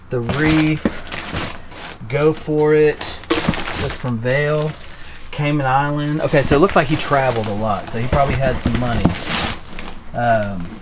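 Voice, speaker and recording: A man filming an excited unboxing vlog in a small storage unit, calling out finds to viewers. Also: mid-range voice, noisy background. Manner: addresses viewers as y'all, gasps and exclaims.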